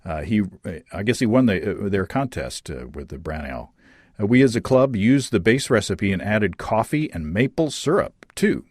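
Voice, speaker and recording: A man's voice: on the low side, normal speed, breathy edge, dry recording, clean studio sound. A man hosting a casual chat, reading listener letters aloud with frequent fillers and laughter. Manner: lively, laughing, many fillers and restarts. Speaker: podcast host.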